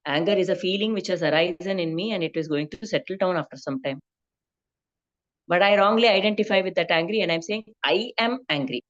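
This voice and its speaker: A woman's voice: fairly low pitch, fast talker. Woman teaching over a muffled call. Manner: explanatory, tags questions with "no?". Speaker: study group teacher. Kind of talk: scripture study class. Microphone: video call.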